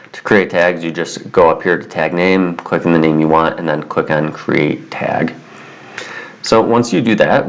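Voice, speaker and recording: Casting: a deep-voiced man walking viewers through software, casual and explanatory, slightly dull recording. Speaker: software tutorial presenter. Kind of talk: screen-recorded software walkthrough.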